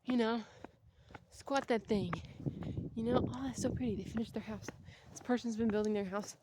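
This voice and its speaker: Strolling along a street, this female vlogger in her thirties chats away, drifting into tangents and sounding slightly winded. Her pitch is fairly high, her intonation fairly even, and her pace moderate, with heavy background noise in the recording.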